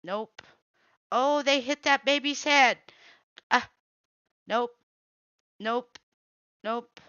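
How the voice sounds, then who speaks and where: A woman hosting a casual show, giving blunt running commentary and waving off what she doesn't like. Her voice is bright, smooth and crisp, and she speaks unhurriedly. The sound is dry and a little dull, like a simple home setup. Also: fairly high pitch, no echo. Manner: blunt, reactive, quick to say nope. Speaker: host. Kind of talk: casual running commentary while scrolling videos.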